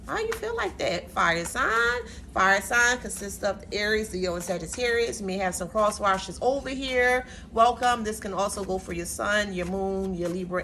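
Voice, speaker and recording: A woman's voice: medium pitch, pushed and bright, a little hiss or hum. A woman giving a casual tarot reading on her channel, talking in a sassy, chatty way full of playful slang. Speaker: tarot reader. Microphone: camera mic.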